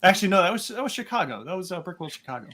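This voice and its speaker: Animated storytelling man. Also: high voice, rapid-fire, noisy background. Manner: animated, acts out voices in anecdotes. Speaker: guest, former competition contestant. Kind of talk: casual storytelling on a live stream.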